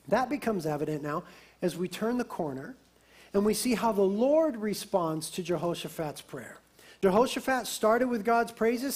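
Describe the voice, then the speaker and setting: Male pastor, very high voice, emphatic and conversational from the pulpit. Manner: lively, emphatic preaching with a conversational aside. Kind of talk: sermon.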